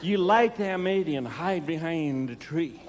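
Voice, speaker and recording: A middle-aged man doing stand-up comedy, telling animated stories with panicked shrieks and gruff character voices. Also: a little high, moderate pace. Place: large theater with a live audience. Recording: live stage recording with long reverb and audience noise.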